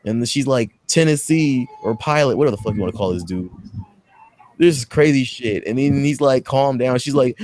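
A man hosting a podcast, recapping a movie in casual, profane, rambling chat and acting out quotes in a high voice. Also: a little fast, darkish tone, dry recording. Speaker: podcast host.

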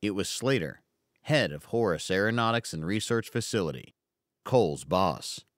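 Low, lively male audiobook narrator. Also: fairly quick, no echo, clean studio sound. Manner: expressive storytelling.

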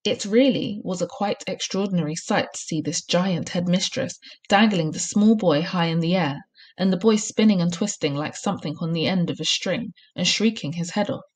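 A primary school teacher gives a recorded reading lesson, with clear, encouraging instructions. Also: female voice, on the low side, moderate pace.

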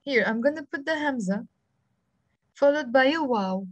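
A woman's voice: sits high, animated, normal speed, no echo. Patient Lebanese woman teaching over video call. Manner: patient, encouraging, spells out letters one by one. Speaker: Arabic teacher. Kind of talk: live online language lesson.

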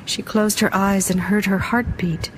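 A woman narrating an audiobook in a measured, dramatic reading style. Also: mid-range voice, steady tone, slight background noise.

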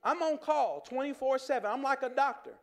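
A pastor preaching in a high voice. He talks to the congregation like a friend, with repeated restarts and chuckles, and turns earnest when he makes his point. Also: a little fast. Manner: conversational, with stammered restarts and chuckles, shifting from joking to earnest. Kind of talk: sermon.

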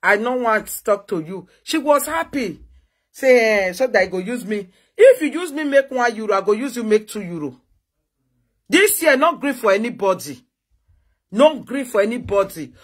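A woman's voice: fairly high pitch, sing-song, normal speed, slightly rough. A woman with a Nigerian accent in a heated live-video rant, taunting and mocking a rival. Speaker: social media personality. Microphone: phone on live video.

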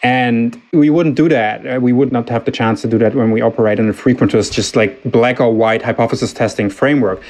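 A man's voice: mid-range voice, brisk, hardly any pauses, a little mellow. A man, a linguistics researcher, explaining his views as a podcast guest in thoughtful academic phrasing.

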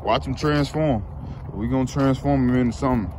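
A man's voice: medium pitch, brisk, a little mellow. A man talking casually and coaxing his dog as he walks outside, in a laid-back vlog style. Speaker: vlogger, dog owner. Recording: noisy outdoor street sound.

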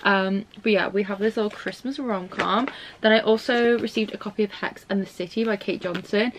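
A woman's voice: mid-range voice, fairly quick, a little hiss or hum. A young woman vlogging about books to camera at home, chatty and gushing, full of "like" and "um". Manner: chatty, fills talk with "like" and "um"; gushing, squeals with delight. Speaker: book vlogger. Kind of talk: casual chat to camera. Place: home library room. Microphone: camera mic.

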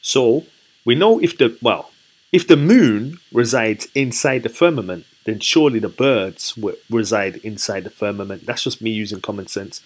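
A man with a low, slightly husky voice talks through scripture in a casual Bible study. He is relaxed and chatty, and he corrects himself as he goes. He keeps asking his listeners questions and then answers them himself. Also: normal speed. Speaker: scripture teacher.

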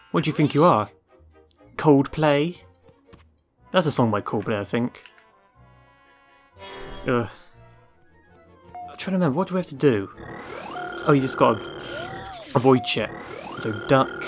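Swearing sarcastic gamer. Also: male voice, mid-range voice. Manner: sarcastic, swears freely, talks to the game. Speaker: let's play gamer. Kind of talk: casual gameplay commentary.

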